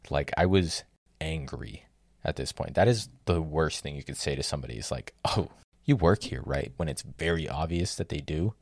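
Deep gravelly young man ranting dryly. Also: moderate pace, no echo, clean studio sound. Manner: exasperated, sardonic, swears freely. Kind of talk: casual storytelling rant.

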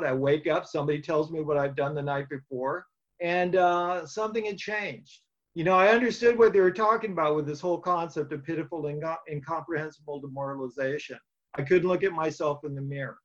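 A man's voice: on the high side, moderate pace, a bit bright, dull audio. A man giving a personal testimony at a recovery meeting, telling his story plainly with dry humor and frequent fillers.

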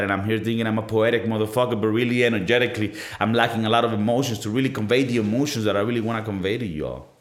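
A man in his thirties talking in a casual solo podcast monologue, rambling and profane, often poking fun at himself. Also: fairly low pitch. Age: 30s. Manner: rambling, profane, self-mocking. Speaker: podcast host. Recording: roomy echo.

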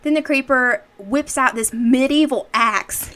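A woman with a bright, forceful tone chats through a horror film plot in a relaxed podcast setting. She talks in a loose, filler-heavy way and slips into acted-out quotes from the characters. Her voice sits a little on the high side. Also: unhurried. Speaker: podcast co-host. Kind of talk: casual movie recap chat.

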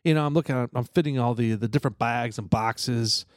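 A man's voice: mid-range voice, brisk, no echo, studio quality. A man co-hosting a casual podcast, telling a rambling, profane story full of restarts. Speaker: podcast co-host.

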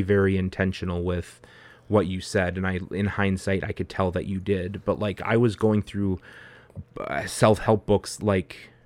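This podcast host keeps the conversation casual and rambling, packed with fillers and false starts. His voice is fairly low, recorded without echo.

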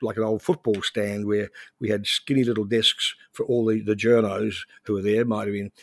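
Older gravelly man from New Zealand. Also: on the low side, level tone, normal speed, no echo, clean studio sound. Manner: anecdotal, rambling with restarts. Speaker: interview guest, former journalist. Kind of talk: conversational interview.

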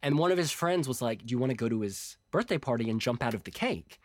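An American man in his forties, a guest telling lively stories in casual chat and laughing often. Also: medium pitch, fast, no echo. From United States. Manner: animated storyteller, laughing often.

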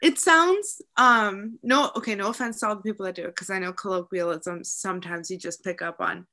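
Bright-voiced Midwestern woman. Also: mid-range voice, a little fast. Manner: blunt, opinionated. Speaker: podcast co-host. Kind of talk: casual chat.

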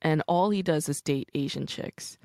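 A woman's voice: sits low, normal speed, no room sound, clean studio sound. A woman hosting a casual conversation, telling stories candidly and animatedly with lots of "like". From United States. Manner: candid, animated storytelling with frequent "like".

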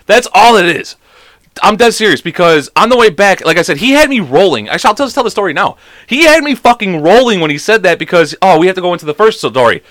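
A man's voice: sits high, lively intonation, fast, fairly bright tone, dry recording, clean studio sound. A young man co-hosting a podcast in casual chat, rambling through crude stories, laughing often and swearing freely. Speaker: podcast co-host.

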